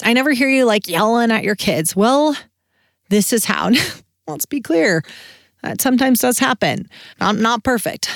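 A woman in her thirties hosts her own podcast, talking candidly and encouragingly to listeners in a loose, conversational flow. Her voice sits at a middle pitch. The sound is close and dry, with no room around it. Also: dry recording. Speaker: podcast host. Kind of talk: solo podcast talk.

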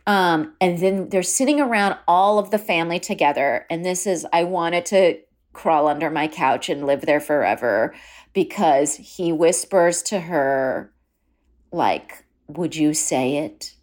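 A woman hosting a podcast, recapping a TV show in casual chat, chatty and quick to laugh, with plenty of fillers. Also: lowish voice, a little mellow. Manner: chatty, full of fillers and laughs, mimics quotes. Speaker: podcast host.

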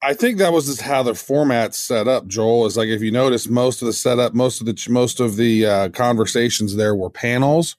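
A man co-hosts a podcast in casual chat, talking with enthusiasm while rambling and restarting his sentences. His medium-pitched, slightly mellow voice moves at a moderate pace with hardly any pauses. The recording is dry and clean, with studio sound.

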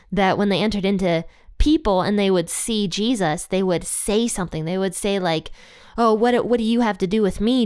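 A woman's voice: mid-range voice, smooth, no echo, studio quality. A young adult woman hosting a casual Bible teaching podcast, chatty and thinking aloud with fillers and guesses.

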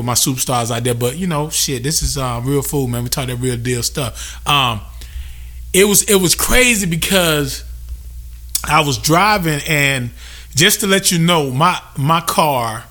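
A man's voice: medium pitch, bright, forceful tone. A young man hosting a podcast, venting casually with loose, profane talk and lots of repetition for emphasis. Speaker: podcast host.

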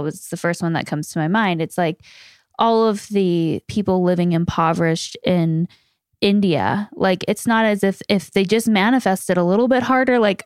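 A woman's voice: medium pitch, clear, resonant tone, dry recording, studio quality. A woman podcast host talking through her thoughts hesitantly, with many fillers. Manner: hesitant, lots of likes. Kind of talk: conversational interview.

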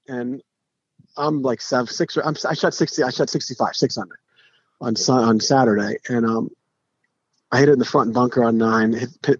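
A middle-aged man, a podcast guest, telling stories in a casual, animated way, with frequent restarts and acted-out quotes. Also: mid-range voice, no room sound. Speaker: podcast guest, pro golfer. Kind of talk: casual storytelling. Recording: dull lo-fi podcast audio.

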